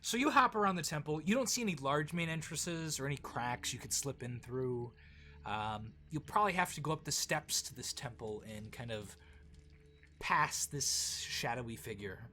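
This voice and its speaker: Bright-voiced man running a tabletop game. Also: medium pitch, animated, normal speed. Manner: casual, descriptive, with frequent fillers. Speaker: game master.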